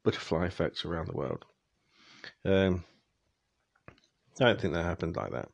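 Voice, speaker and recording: A man's voice: low voice, animated, moderate pace, gravelly, no echo. A young man ranting in a casual, exasperated monologue to his viewers, speeding up when annoyed. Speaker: vlogger.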